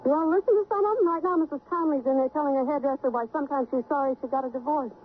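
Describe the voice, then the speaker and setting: An actress playing a brisk, sardonic beauty parlor owner in a 1950s radio drama. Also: female voice, high-pitched, slight background noise, lightly acted. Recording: tinny old radio broadcast.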